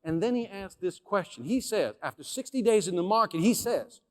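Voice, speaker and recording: Man from Chicago, motivational sales speaker, fairly high voice; dramatic keynote storytelling, hushed to loud, lots of reverb from a large hall. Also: normal speed. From Chicago, USA. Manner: animated, swings between hushed and loud, addresses the audience directly.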